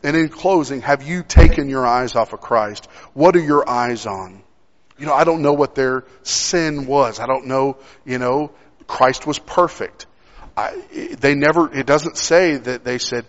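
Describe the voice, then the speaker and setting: A man's voice: medium pitch, unhurried. A young man preaching a sermon, telling a personal story in a conversational way with frequent restarts. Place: church sanctuary. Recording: dull sound with long hall reverb.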